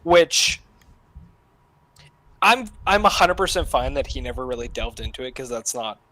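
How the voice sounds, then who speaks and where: A young man in a casual film discussion who speaks excitably and swears freely. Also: mid-range voice, moderate pace, no room sound, rough recording. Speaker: podcast guest or co-host.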